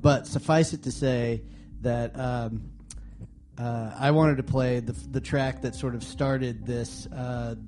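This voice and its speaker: A man's voice: mid-range voice, fairly even intonation, takes it slowly, darkish tone, faint music behind. Easygoing man introducing a track. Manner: loose, rambling, with fillers. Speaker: podcast co-host. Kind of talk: casual music chat.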